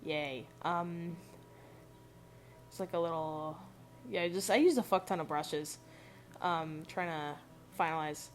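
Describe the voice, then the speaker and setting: A woman's voice: deep voice, slow, pauses often, slight background noise. Congested woman rambling loosely over art footage. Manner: rambling, loose and swearing a lot. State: congested, nasal. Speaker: artist narrating her drawings. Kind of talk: casual voice-over chat. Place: home recording, voice-over over drawing footage.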